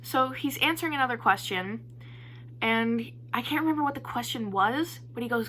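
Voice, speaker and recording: A young woman vlogger telling a casual storytime in an animated, excitable way, poking fun at herself. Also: fairly high pitch, moderate pace, a little hiss or hum. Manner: animated, excitable storytelling with playful self-mockery.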